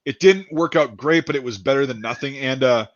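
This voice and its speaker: A man telling a rambling story in a casual chat, animated, laughing and swearing a lot. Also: medium pitch, fairly quick. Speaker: podcast host. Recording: dull dry lo-fi sound.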